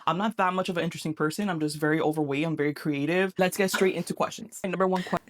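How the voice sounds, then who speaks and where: A woman's voice: on the low side, fairly even intonation, rapid-fire, no room sound, studio quality. A woman craft content creator talking to camera in a casual vlog, chatty and open, rambling a little as she goes.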